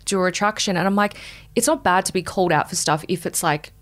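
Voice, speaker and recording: A woman's voice: on the low side, fast talker. Candid woman reporter chatting casually. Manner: candid, swears freely, acts out quotes. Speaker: entertainment reporter, guest. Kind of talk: casual podcast chat.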